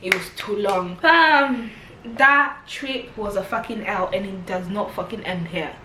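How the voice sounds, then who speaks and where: A young British woman, telling a storytime vlog in an animated, slangy, swearing manner. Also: mid-range voice, a little slow, slight background noise. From Britain. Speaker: vlogger. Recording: roomy echo.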